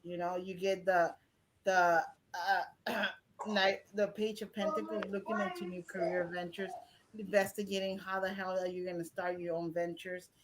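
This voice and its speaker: A woman with a Mexican accent reads tarot cards on a live stream. She talks bluntly and swears freely, rambling from card to card. The stream carries a clear layer of background noise under her voice. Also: fairly low pitch, little pitch movement, moderate pace. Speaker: tarot reader.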